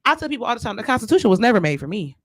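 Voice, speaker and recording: A man co-hosting a podcast, talking in a loose, animated way, spinning out his points with slang and "you know what I'm saying.". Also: high-pitched, dry recording. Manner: animated, drawn-out storytelling with slang. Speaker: podcast co-host. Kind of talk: casual podcast chat.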